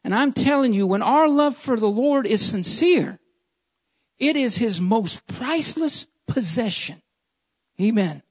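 A man's voice: very high voice, animated, measured pace. A man, a pastor, preaching a fervent sermon and repeatedly calling out to his congregation. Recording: dull lo-fi sound.

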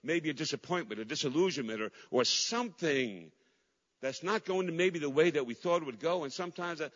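Middle-aged man, pastor, fervent sermon delivery with big swings between loud and hushed, muffled recording in a reverberant hall. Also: fairly high pitch, a little fast.

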